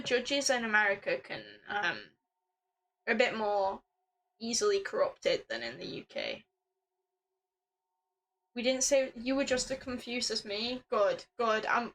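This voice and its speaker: A high-leaning female voice comes through a rough recording with a little background noise. The speaker, a young woman, is streaming a puzzle game in casual live commentary, reading its text aloud and cursing often. Exasperated, she keeps bursting into loud, laughing rants.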